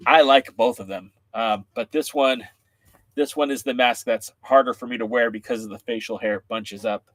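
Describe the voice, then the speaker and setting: Excitable male host, loose livestream banter, even middle pitch, dry sound. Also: normal speed, no room sound. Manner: excitable, joking, chatting with live comments. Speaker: wrestling podcast host. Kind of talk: casual livestream chat with viewers.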